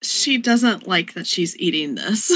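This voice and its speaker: Giggly bright-voiced woman player. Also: on the low side, very animated, slow pace. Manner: giggly, explains her character's feelings. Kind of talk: casual tabletop role-play.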